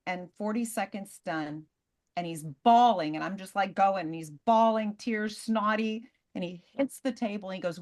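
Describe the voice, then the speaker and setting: A woman recounts stories on a video call in a casual, animated way, her voice sitting at an ordinary middle pitch. She talks in quick bursts and leans on each punchline. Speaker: presenter.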